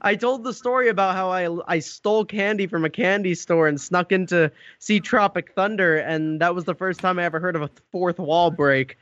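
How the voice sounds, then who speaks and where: Male podcast guest, high voice, halting and loose, dry lo-fi call sound. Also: a bit bright, no echo. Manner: halting, many restarts, casual swearing. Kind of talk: casual chat. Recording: dull lo-fi call audio.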